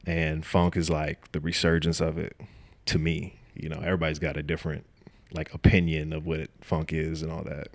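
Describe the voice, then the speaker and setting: A man's voice: rumbling low, completely flat delivery, brisk. A young man from Atlanta, a rapper and producer, talking casually in an interview, laid-back and full of "like" and "you know". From Atlanta, Georgia. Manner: laid-back, heavy use of "like" and "you know", laughs often.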